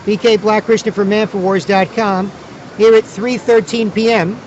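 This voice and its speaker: A man's voice: sits high, flat delivery, normal speed, darkish tone, muffled recording, a little hiss or hum. A man vlogging outdoors at a city square, talking in a rambling, repetitive way with many restarts. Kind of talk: casual outdoor monologue.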